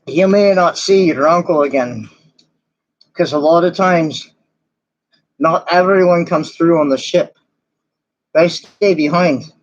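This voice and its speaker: A man voicing a talkative stranger who warns castaways at a campfire and rambles through his explanations. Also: on the high side. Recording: dull lo-fi recording.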